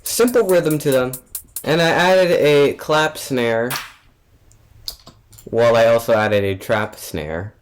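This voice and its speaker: A man's voice: mid-range voice, animated, slow pace, pauses often, clear, resonant tone. A young man, a music producer, casually talking through how he built a track, loose and offhand with frequent fillers and restarts. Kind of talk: casual tutorial narration.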